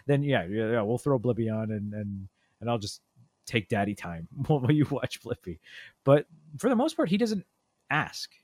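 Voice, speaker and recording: Animated dad telling a family story. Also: male voice, normal speed, no echo, clean studio sound. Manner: animated storyteller, acts out quotes with big pitch jumps. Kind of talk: casual chat.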